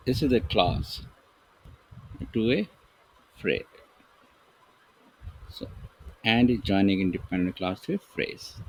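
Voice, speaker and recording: A man teaching an English grammar lesson, reading example sentences slowly and deliberately while writing with a pen. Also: lowish voice, slightly rough, low-quality recording.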